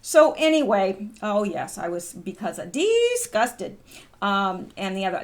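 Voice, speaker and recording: A woman's voice: medium pitch, sing-song, a little slow. Middle-aged american lady, channel host, talks loose and rambly, lots of um. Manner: chatty, rambling, wanders off topic with filler ums. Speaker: channel host reading posts. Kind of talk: casual commentary vlog.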